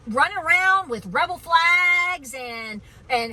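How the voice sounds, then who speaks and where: A woman's voice: high voice, expressive, slow, hardly any pauses, pushed and bright, low-quality recording. A woman homesteading vlogger speaking outdoors on her farm in an impassioned, preachy, emphatic way. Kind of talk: outdoor political vlog rant.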